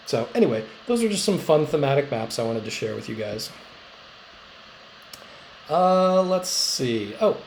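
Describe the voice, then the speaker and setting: A man teaching middle school social studies in a loose, joking way, drifting into asides and filling pauses with "uh." His voice sits at an ordinary middle pitch with a gravelly, creaky edge. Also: a little hiss or hum, poor audio. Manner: chatty and joking, many "uh" fillers and rambling asides. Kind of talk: casual recorded class lecture.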